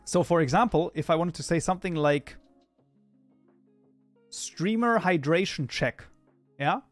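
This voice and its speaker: A man with a slightly high voice chats with his stream audience, reads messages aloud and mutters through his code. The sound is close and dry, with faint music behind him. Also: lively intonation, a little slow, no room sound. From Germany. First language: German. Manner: chatty, reads chat aloud and mutters while debugging. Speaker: livestreamer and programming tutor. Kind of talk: casual live-stream chat while coding.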